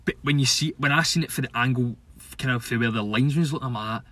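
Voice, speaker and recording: A man's voice: medium pitch, quick pace, pushed and bright, no echo. A young Scottish man co-hosting a casual football podcast, swearing, laughing and bantering. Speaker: podcast co-host.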